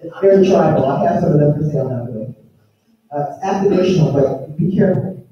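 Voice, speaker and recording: A woman's voice: low-pitched, expressive, fast. A woman giving a spiritual talk while presenting slides. She is enthusiastic and rambling, with many restarts. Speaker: speaker presenting slides to an audience. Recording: echoey, distant and dull.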